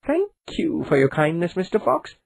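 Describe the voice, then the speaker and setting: A woman's voice: on the low side, very animated, moderate pace, creaky, a little mellow, husky, voice pushed up, heavily acted. A woman voicing a boastful little gingerbread man cookie in a taunting sing-song chant. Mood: polite.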